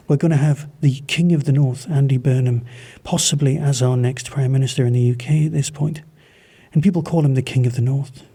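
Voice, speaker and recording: Husky, rambling man from Manchester. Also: fairly high pitch, mellow. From Manchester, England. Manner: rambling, enthusiastic. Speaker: podcast host reviewing audio dramas. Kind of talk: casual spoken review.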